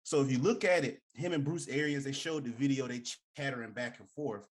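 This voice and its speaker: Animated, emphatic man in sports debate. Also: a little fast. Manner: animated, emphatic, loose slangy delivery with big pitch swings. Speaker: podcast co-host.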